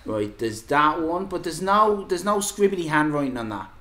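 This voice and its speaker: Irish woman co-host, bright and animated delivery, deadpan mock-grumpy judge. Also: sits low, normal speed. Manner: bantering, teasing, deadpan. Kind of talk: playful banter, mock-grumpy judging.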